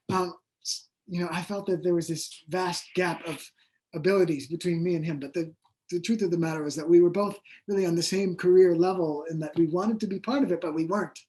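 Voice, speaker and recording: A man's voice: sits high, fairly even intonation, fairly quick, dark tone. A man who is an author guest in an interview, telling his story in a rambling, hesitant way with many fillers. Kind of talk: conversational interview.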